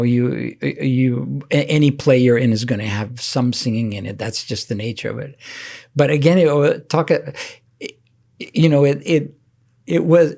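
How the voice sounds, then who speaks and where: Halting older man telling stories. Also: medium pitch, vocal fry. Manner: halting, many restarts and soft laughs. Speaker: interview guest. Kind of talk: casual storytelling interview.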